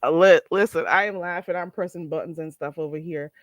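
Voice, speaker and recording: A woman's voice: lowish voice, fairly even intonation, a little fast. A woman hosting a casual livestream, recapping drama with blunt, profane commentary and frequent laughter at her own story. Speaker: livestream host.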